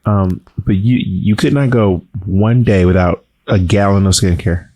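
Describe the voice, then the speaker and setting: A man co-hosting a casual chat, speaking softly and holding back his voice after surgery, teasing and mock-indignant. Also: on the low side, unhurried. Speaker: podcast co-host.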